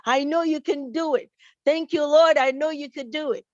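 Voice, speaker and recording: A woman's voice: sits high, steady tone, normal speed, dry recording, close to an everyday voice. Woman voicing a hungry woman praying earnestly. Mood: joyful. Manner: earnest, pleading prayer. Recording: dull, dry recording.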